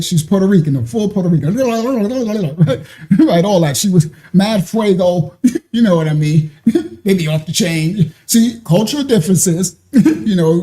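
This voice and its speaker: Man, casual storyteller, high and warm-toned, laughs a lot through his anecdotes. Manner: animated, laughing often. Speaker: ministry speaker.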